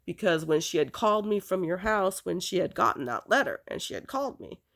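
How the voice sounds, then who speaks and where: Gravelly woman telling a hard memory. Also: on the low side, animated, fairly bright tone. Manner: halting, full of restarts and "you know" fillers. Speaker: storyteller recounting her past. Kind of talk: casual spoken recollection.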